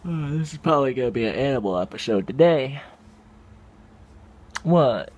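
A man in a casual daily vlog, narrating to a handheld phone camera, who switches to a high cooing voice when he talks to his pets. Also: animated, fast talker, darkish tone. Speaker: vlogger.

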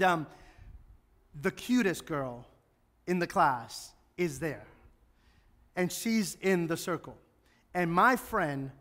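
A male American pastor preaches in a church, mixing humor with passionate emphasis. His voice sits fairly high and he speaks slowly. A long hall reverb trails behind every phrase. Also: fairly bright tone. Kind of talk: sermon. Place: church sanctuary.

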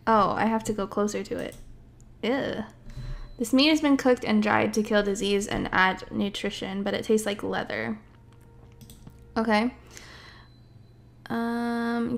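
A woman's voice: fairly high pitch, fairly even intonation, slow, gravelly, pauses often. A woman with a girly voice casually playing a game on her channel, reading the game's text aloud and joking at her own expense. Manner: self-deprecating, swears and laughs often. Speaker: gaming youtuber.

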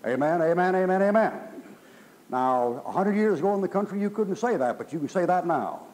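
A man's voice: high voice, sing-song, brisk, a little mellow, low-quality recording. A middle-aged man preaching a sermon in a folksy, emphatic way, his voice rising in bursts. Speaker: pastor.

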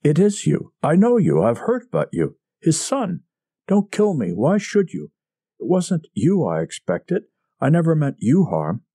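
A man's voice: mid-range voice, lively intonation, moderate pace, dark tone, no room sound, lightly acted. A man reading a story, voicing a frightened, scheming murderer who pleads in a feverish, breathless manner. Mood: pleading. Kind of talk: audiobook character reading.

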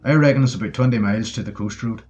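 A man's voice: fairly low pitch, very fast, a little mellow, soft background music, natural voice. A man reading the part of a blunt, commanding British army sergeant in a wartime audiobook, barking orders. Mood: brisk. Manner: gruff, barks orders, sometimes bellows.

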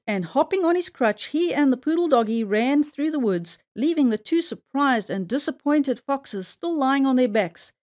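A woman reading a children's story aloud in a playful, expressive storytelling manner. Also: high voice.

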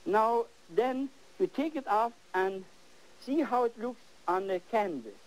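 An older man hosting a TV painting lesson, exuberant and animated, repeating words as he works, on worn 1980s videotape audio. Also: sits high, a little slow, low-quality recording. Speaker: painting show host.

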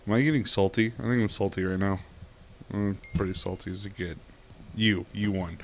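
A man's voice: lowish voice, steady tone, fairly quick, a little hiss or hum. A young man giving casual gameplay commentary, giggling and swearing at himself. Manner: giggly, self-mocking, swears often. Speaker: gaming YouTuber.

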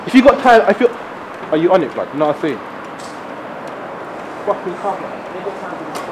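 An actor with a London accent playing a hot-headed young gangster who swears and pushes hard. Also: male voice, high voice, big pitch swings, a little fast. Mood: angry. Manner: aggressive, swearing, pushy. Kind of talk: gritty film acting.

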